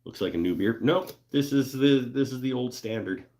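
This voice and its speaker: A man's medium-pitched, darkish voice carries an expressive tone at a moderate pace. He's hosting a casual livestream in his woodworking shop, reading viewer comments and joking loosely, with lots of fillers and laughter.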